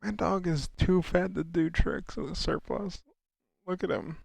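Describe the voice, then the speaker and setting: A man's voice: high-pitched, measured pace, gravelly, no echo. A young American man casually chatting on his live stream, reading viewers' questions aloud and answering them with frequent restarts. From United States. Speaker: livestreamer.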